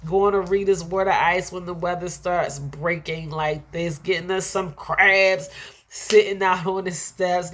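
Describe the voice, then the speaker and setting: Slow, low-voiced Philly woman giving affirmations. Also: steady tone. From Philadelphia. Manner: emphatic, repetitive, preacher-like. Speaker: motivational speaker. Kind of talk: motivational affirmation talk.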